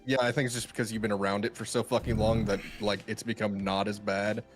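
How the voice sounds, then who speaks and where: A man's voice: fairly low pitch, little pitch movement, quick pace, faint music behind. A man co-hosting a live-streamed podcast, chatting casually and dropping dry, teasing remarks. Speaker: podcast co-host.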